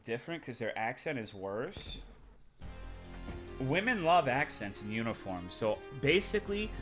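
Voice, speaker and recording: A man's voice: mid-range voice, very animated, measured pace, fairly bright tone, faint music behind. A young adult man streaming live, chatting casually with his chat in a crude, rambling, sarcastic way.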